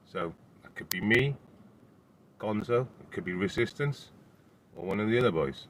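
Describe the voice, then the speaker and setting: A man's voice: on the low side, animated, moderate pace, pauses often, a bit bright, a little hiss or hum. A Welsh man on a casual live stream from his phone, rambling about the news and breaking off to talk to his dog. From Wales. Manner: rambling, talks to his dog between points.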